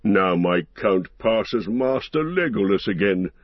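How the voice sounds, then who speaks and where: Guy doing a shouty dwarf warrior, bellowing battle cries, kinda muffled dry sound. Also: fairly low pitch, expressive, slow, dry recording. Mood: gruff. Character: fierce battle-hungry male dwarf warrior.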